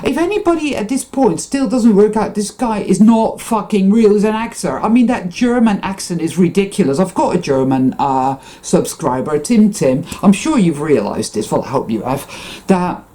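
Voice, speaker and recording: A woman's voice: mid-range voice, expressive, normal speed, warm tone, poor audio. A woman giving an impassioned, unscripted spiritual monologue to her viewers, swearing freely and often stopping and restarting her sentences. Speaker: spiritual vlogger.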